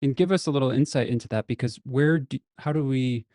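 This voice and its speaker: A man with a mellow, darker tone hosts a casual podcast interview, asking long, winding questions. His voice sits in a mid range and sounds dry and close to the mic. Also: mid-range voice, brisk, no echo. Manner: asks long searching questions, many "mm-hmm" backchannels. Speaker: podcast host.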